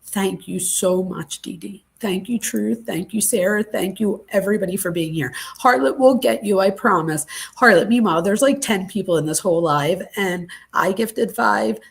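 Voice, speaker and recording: A woman chats casually on her channel's live stream, thanking her viewers with emotional gratitude. Her voice has a gravelly fry at mid pitch, and she sounds teary, close to crying. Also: normal speed, hardly any pauses. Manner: gushing, thankful, easily moved. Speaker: true crime channel host. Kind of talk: casual livestream chat.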